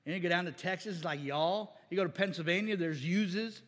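A man with a high voice preaches to his congregation in a loose, folksy way, tossing questions out to them. His words ring with a long reverb, as if in a church sanctuary. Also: rapid-fire, fairly bright tone. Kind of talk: conversational sermon.

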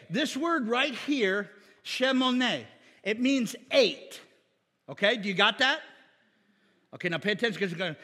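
A man preaching a sermon to a congregation, teaching from slides with quick jokes and asides. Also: high-pitched, sharp tone, in a large hall. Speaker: pastor.

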